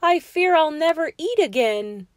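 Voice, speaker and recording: A woman's voice: high-pitched, very animated, a little slow, no room sound, clean studio sound. A woman voicing an anxious, fretful man who keeps losing his teeth, gasping and wailing through his lines.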